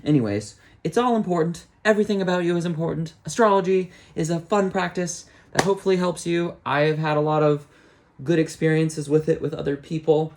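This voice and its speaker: A man's voice: fairly high pitch, fairly quick, gravelly, a little mellow. Rambling, jokey male astrologer. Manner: rambling, self-talking, jokey. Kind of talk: casual live-stream chat.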